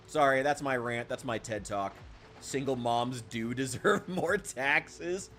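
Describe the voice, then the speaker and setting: A man in the middle of a live game stream, venting with plenty of swearing as he answers his chat. His voice sits in an everyday middle register and drops low and quiet after each burst. Faint music runs quietly in the background. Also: moderate pace. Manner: heated, profane ranting. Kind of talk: casual live-stream talk, reacting to chat.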